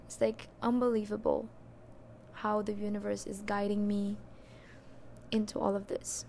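A young adult woman hosting a podcast, candidly telling a personal story in a casual, expressive way and cursing now and then. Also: mid-range voice, normal speed, creaky, a little hiss or hum. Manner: candid and expressive, swears and laughs at herself. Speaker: podcast host.

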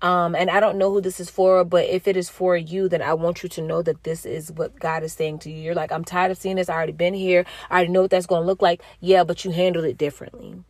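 A woman's voice: quick pace, hardly any pauses, dry recording. A woman in her thirties, a mother, speaking earnestly and a little preachy as she gives viewers a spiritual message and her own story. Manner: earnest, preachy, talks straight to the audience; expressive, jumps into high pitch when quoting herself. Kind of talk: casual spoken testimony to viewers.

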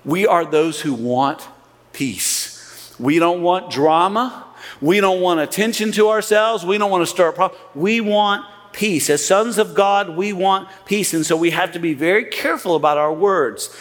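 Male pastor, higher-pitched and animated, sermon in a reverberant church hall. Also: unhurried. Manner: animated, acts out quoted voices, repeats words when restarting.

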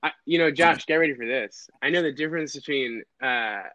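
A man's voice: mid-range voice, a little fast, sharp tone, dry recording, muffled recording. A man hosting a casual podcast chat, playful and jokey. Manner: playful, jokey, slips into put-on accents. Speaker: podcast host.

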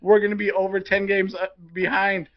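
A man's voice: sits high, little pitch movement, fairly quick. A man co-hosting a sports podcast, delivering a heated, profane rant. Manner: profane, fired-up ranting. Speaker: podcast co-host. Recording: dull lo-fi podcast audio.

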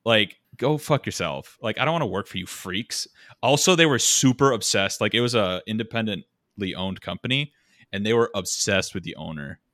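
A man's voice: lowish voice, animated, brisk, fairly bright tone, dry recording, clean studio sound. A young man with a Minnesotan accent chatting casually as a podcast co-host, rambling with lots of "like". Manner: rambling, heavy use of "like". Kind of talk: casual chat.

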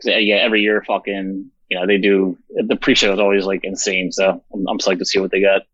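A man's voice: low-pitched, little pitch movement, quick pace, fairly bright tone, no echo, dull audio. A man who organizes a festival, talking bluntly and with lots of swearing in a rambling, casual interview. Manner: profane, blunt, rambling with fillers.

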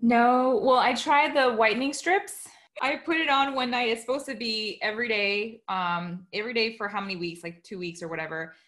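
A woman in casual chat, easygoing and quick to laugh. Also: fairly high pitch, fairly bright tone.

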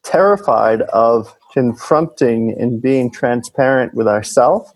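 A man's voice: medium pitch, slow pace, no room sound, rough recording. A man talking earnestly and animatedly about inner work and relationships in a casual conversation, swearing now and then.

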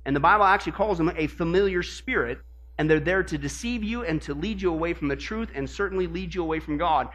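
A middle-aged male pastor preaching a sermon, reading scripture aloud and firing questions at his congregation, sometimes sinking low and quiet for warnings. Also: quick pace. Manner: emphatic preaching with call-and-response questions to the congregation; reads scripture aloud with sudden drops in pitch and volume for warnings.

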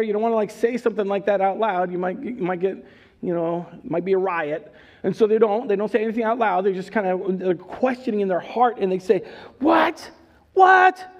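A man preaching a sermon, animated and joking, acting out characters as he goes. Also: extremely high pitch. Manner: animated, acts out voices, jokes. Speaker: pastor.

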